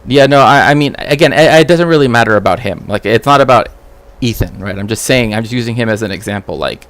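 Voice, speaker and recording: A man's voice: medium pitch, fast, a bit bright. A man streaming casual commentary as a cultural historian, rambling with frequent "right?" tags and restarts.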